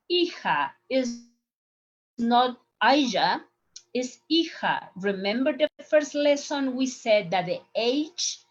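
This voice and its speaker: A woman's voice: medium pitch, lo-fi sound. A woman teaching a Spanish lesson over slides, speaking patiently and repeating words so learners can drill them. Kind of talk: online language lesson with slides.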